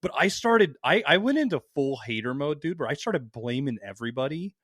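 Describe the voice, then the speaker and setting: A man co-hosting a podcast, telling stories in loud, heated rants with heavy swearing. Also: fairly high pitch, very animated, a little fast, dry recording, studio quality. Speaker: podcast co-host. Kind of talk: casual podcast banter.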